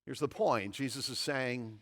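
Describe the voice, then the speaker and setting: A man's voice: mid-range voice, unhurried, a bit bright, in a large hall. A pastor in his fifties preaching a sermon in a church, emphatic and repeating phrases for stress. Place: church sanctuary.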